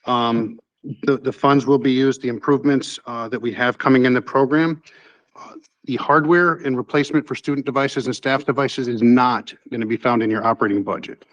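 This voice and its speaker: A man's voice: mid-range voice, muffled recording. A man presenting a school technology budget to a board, speaking formally with frequent "uh" fillers. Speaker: school district technology administrator. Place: town hall meeting room.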